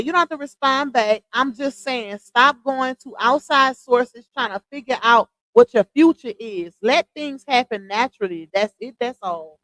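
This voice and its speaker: High-pitched woman on a live, slow chatty commentary, laughs a lot, dry close sound. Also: bright, forceful tone, no room sound, poor audio. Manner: chatty, laughs often, reads posts aloud. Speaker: livestream commentator. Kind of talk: casual commentary livestream.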